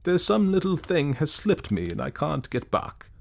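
A man's voice: fairly high pitch, very animated, moderate pace, vocal fry, voice pushed up. A man doing a timid, flustered young ghost. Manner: meek, apologetic, flustered. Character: weak, silly, aimless young male ghost.

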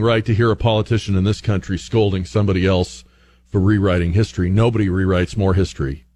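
A man hosting a talk radio show, delivering an opinionated monologue full of rhetorical questions. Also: fairly low pitch. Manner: argumentative, rhetorical questions, animated.

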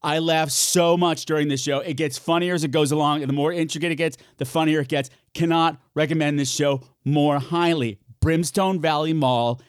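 A man hosting a solo podcast, chatting in an animated, campy way, swearing freely and talking to himself. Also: on the high side, normal speed, hardly any pauses, clear, resonant tone, no room sound, clean studio sound. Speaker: podcast host. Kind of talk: solo podcast chat, horror recommendations.

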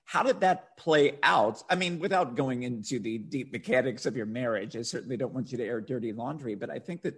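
A man hosts a podcast conversation with a husky, slightly rough voice. His questions come slowly, in measured and reflective phrasing, with room left between thoughts. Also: medium pitch, a bit bright. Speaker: podcast host.

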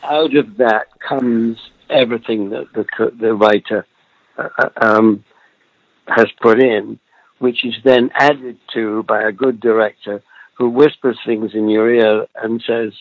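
Gravelly elderly man, muffled and dry. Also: mid-range voice, steady tone, a little slow, dry recording. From Britain. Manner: reflective storyteller, chuckles often, trails off mid-thought. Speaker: actor guest. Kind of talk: relaxed interview over a remote call.

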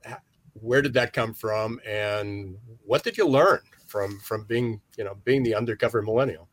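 A man's voice: on the low side, moderate pace. A man co-hosting an interview, talking in loose, rambling sentences full of restarts. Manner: rambling, many restarts and fillers. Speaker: podcast co-host. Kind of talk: conversational interview.

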